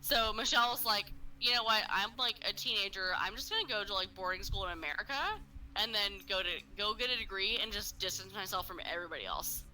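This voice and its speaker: A woman's voice: mid-range voice, fast talker, pushed and bright, low-quality recording. A woman co-hosting a casual podcast, telling a story full of fillers and swearing and acting out what people said. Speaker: podcast co-host. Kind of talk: casual true-crime podcast chat.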